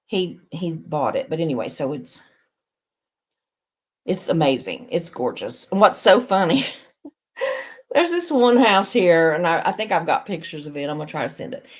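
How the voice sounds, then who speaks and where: Woman, lowish voice, chatty livestream host who rambles and laughs easily. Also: very animated, moderate pace, pauses often, slightly rough. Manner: talks to viewers reading chat. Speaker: live stream host.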